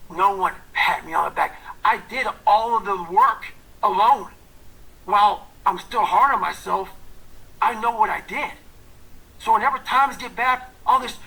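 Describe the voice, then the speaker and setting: A man delivers a fierce motivational talk in a gravelly, raspy voice with a tense, forceful edge. He is blunt and profane, jumping from loud, punchy lines to hushed, intense whispers. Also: sits high, poor audio. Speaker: motivational speaker.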